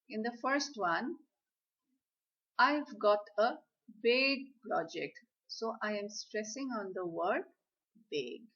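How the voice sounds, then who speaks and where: Slow, deliberate woman lecturer. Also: on the high side, slightly rough. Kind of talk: slide lecture on communication skills. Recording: slightly dull, lo-fi audio.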